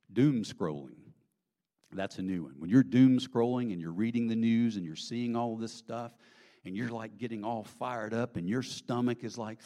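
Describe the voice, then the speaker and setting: A man with a Southern US accent preaching a sermon, folksy and conversational, swinging from loud emphasis to hushed whispers and asking the crowd questions. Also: fairly low pitch. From American South. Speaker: pastor.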